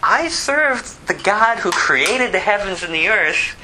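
A man's voice: sits high, expressive, slow, bright, forceful tone, slight background noise, voice pushed up, full character voice, rough recording. A man voicing a runaway prophet who speaks plainly and earnestly.

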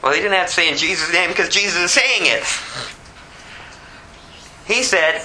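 A man preaching an expository sermon, shifting between low scripture reading and high, pleading acted prayers, with a conversational delivery full of asides. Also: animated, moderate pace, pauses often, sharp tone, a little hiss or hum, low-quality recording.

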